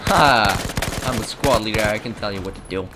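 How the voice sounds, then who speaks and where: A man's voice: fairly low pitch, fairly quick, heavy background noise. A man giving joking, self-mocking commentary while playing a shooter game. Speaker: gaming channel host. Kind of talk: let's play commentary. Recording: loud game gunfire over the voice.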